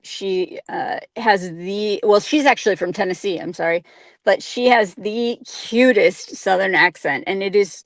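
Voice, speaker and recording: A woman's voice: fairly low pitch, no room sound. A young woman with a Midwestern American accent co-hosts a casual live stream. She talks in a chatty, giggly way with plenty of ums and likes. Her voice is recorded dry and close, with no room sound. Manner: chatty, filler-heavy, giggly. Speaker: co-host.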